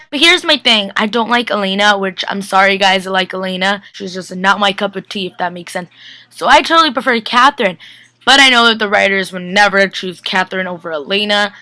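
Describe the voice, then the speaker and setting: A woman's voice: medium pitch, pushed and bright, dry recording. Chatty young woman on a webcam. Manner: gushing, chatty, lots of "like" and "guys". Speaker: TV recap vlogger. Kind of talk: casual chat.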